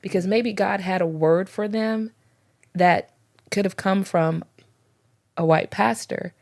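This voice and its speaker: A woman's voice: mid-range voice, slow. A middle-aged woman co-hosting a faith podcast, telling church stories and acting out the dialogue in them. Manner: storytelling, acts out dialogue with lively voices. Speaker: podcast co-host, former pastor's wife. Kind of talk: casual faith discussion.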